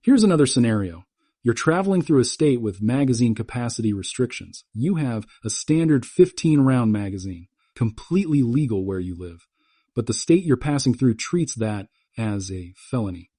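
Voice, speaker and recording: A man's voice: mid-range voice, very animated, normal speed, mellow, slightly rough, no echo, clean studio sound. A man giving a scripted explainer narration in a firm, instructive way, with short punchy sentences.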